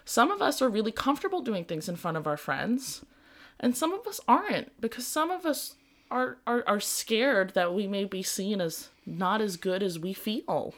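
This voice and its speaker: A young adult woman hosting a casual podcast, telling earnest stories and laughing easily. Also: lowish voice. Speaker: podcast host and music teacher.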